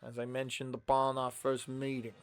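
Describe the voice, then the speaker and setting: Man reading a polite corporate secretary, formal, stiff, measured, smooth clear voice, faint game music underneath. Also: medium pitch, completely flat delivery, lightly acted. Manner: formal, stiff, deliberate delivery. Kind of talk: reading game dialogue aloud.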